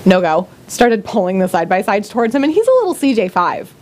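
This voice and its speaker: A woman co-host in a casual chat, giving lively, quick replies. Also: medium pitch. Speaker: podcast co-host.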